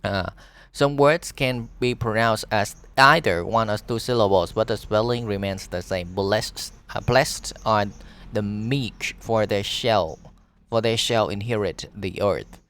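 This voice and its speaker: A man with a Vietnamese accent, a teacher reading an English lesson aloud, pausing often on fillers and restarts. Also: fairly low pitch, fairly bright tone.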